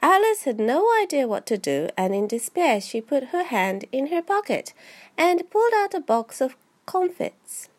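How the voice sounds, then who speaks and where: A woman's voice: high voice, very animated, normal speed. A woman with a head cold, reading a children's book aloud in English, with frequent slips and restarts. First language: Japanese. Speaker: amateur reader.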